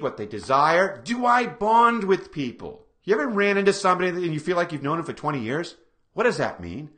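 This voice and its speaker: A man presenting a seminar to a live audience, energetic and full of rhetorical questions aimed at the room. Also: sits high. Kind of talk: live lecture to a small audience.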